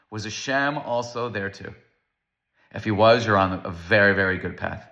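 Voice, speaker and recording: Guy giving a chill torah talk, bright forceful voice, tells stories and does little voices. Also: lowish voice, a little slow, creaky, pauses often. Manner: animated storyteller, acts out quoted voices. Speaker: Torah lecturer. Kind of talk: casual religious lecture.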